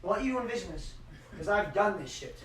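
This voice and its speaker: Motivational speaker, male, high voice, hype delivery with hushed emotional dips, miked from a distance in a reverberant hall. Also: animated, fast talker, slight background noise. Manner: hype, swings from shouting to hushed emotional tones. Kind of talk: motivational speech with guided visualization.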